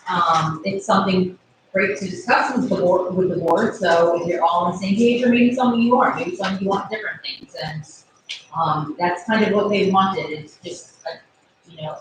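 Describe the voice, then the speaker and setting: A woman on a town planning commission talking through a survey in a halting way, with many fillers and restarts. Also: medium pitch. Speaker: planning and zoning commission member. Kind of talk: casual meeting discussion. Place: town meeting room. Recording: very echoey room, distant mic, faint noise.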